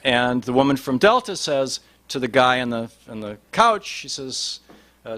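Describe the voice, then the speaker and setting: A man's voice: medium pitch, sing-song, unhurried, bright, forceful tone. Rambling male storyteller. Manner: rambling with many restarts and fillers. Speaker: speaker telling an anecdote. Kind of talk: storytelling talk.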